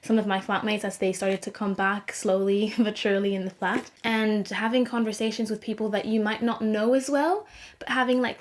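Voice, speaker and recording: Chatty young woman doing a casual advice vlog, lots of "like" and "you know". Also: medium pitch. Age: young adult. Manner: chatty, lots of fillers and self-quoting. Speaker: vlogger. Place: student flat.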